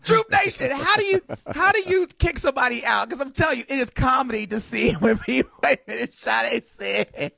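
An animated woman co-hosting a talk radio show, often breaking into laughter as she reads messages from listeners. Her voice sits high and swings widely, with a gravelly fry at the edges. The studio sound is dry and close. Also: brisk, few pauses, no echo. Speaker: radio co-host. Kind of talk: casual talk radio chat.

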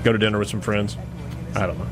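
A man's voice: fairly low pitch, quick pace. Chatty man hosting sports radio. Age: 40s. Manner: chatty and self-deprecating, animated when joking. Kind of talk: casual sports radio talk.

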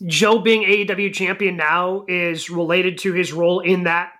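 A man's voice: sits high, fairly even intonation, normal speed, fairly bright tone. A man co-hosting a wrestling podcast in casual chat, talking in a rambling way with lots of restarts. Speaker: podcast co-host.

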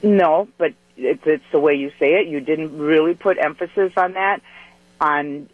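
A man's voice: on the high side, measured pace, no echo. A male caller on a radio talk show who explains his view earnestly, stumbling and restarting as he talks. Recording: thin, dry phone line.

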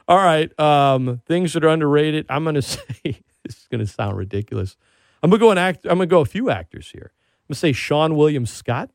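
Excitable man hosting a chat show. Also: fairly high pitch, normal speed, no echo, studio quality. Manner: animated, excitable storyteller. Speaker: podcast host. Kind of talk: casual chat.

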